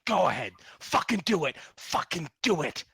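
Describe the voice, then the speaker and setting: A man voicing a foul-mouthed, defiant criminal being interrogated, yelling insults. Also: a little slow, no room sound, rough recording. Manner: snarling, swearing, pitch leaps up when yelling.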